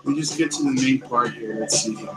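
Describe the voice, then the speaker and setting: A man hosting a paranormal news show, talking loudly and close to the microphone, with many fillers and pauses. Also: medium pitch, rough recording. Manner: loud, speaks close to the mic, hesitant with fillers. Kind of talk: casual solo show talk. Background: background music.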